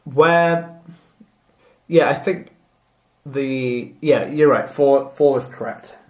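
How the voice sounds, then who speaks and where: A man's voice: mid-range voice, slow, a little mellow. A man co-hosting a podcast, talking casually with a rambling, hesitant delivery and many fillers. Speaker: podcast co-host. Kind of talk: casual chat. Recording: echoey room.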